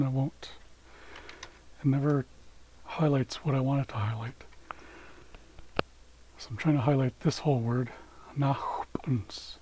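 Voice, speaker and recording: A man giving a screen-share language lesson, saying each word slowly twice so it can be repeated. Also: medium pitch, noisy background. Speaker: language teacher.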